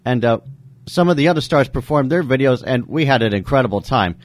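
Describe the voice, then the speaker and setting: A man co-hosting a casual radio chat in a studio, talking haltingly with many fillers. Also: medium pitch, animated, no echo. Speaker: radio co-host and guest.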